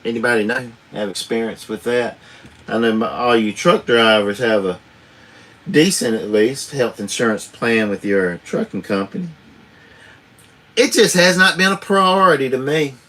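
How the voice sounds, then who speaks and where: A man's voice: mid-range voice, moderate pace, a bit bright. A man, a truck driver chatting casually and rambling on a live stream, swearing freely, chuckling often, recorded on a tablet camera.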